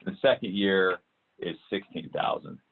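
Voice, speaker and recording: A man walking through a software demo in a webinar, talking with many fillers and restarts. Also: low-pitched, unhurried, creaky, a little hiss or hum. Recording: tinny phone-like call audio.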